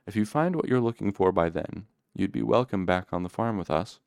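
A man voicing a kindly older male farmer who talks in gentle, folksy rural phrasing in an audiobook. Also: low-pitched, expressive, brisk, smooth, dry recording, studio quality. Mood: gentle, earnest.

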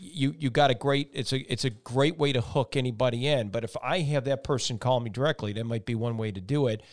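A man's voice: mid-range voice, fairly quick. Rambling middle-aged male talk show host. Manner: rambling, many fillers, supportive. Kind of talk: casual interview chat.

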